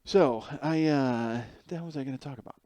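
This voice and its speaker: A man's voice: mid-range voice, brisk, warm tone, dry recording. A man in his forties telling a rambling, self-mocking comic story as a podcast host. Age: 40s. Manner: rambling, self-mocking, acts out voices in anecdotes. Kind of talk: comedic storytelling monologue.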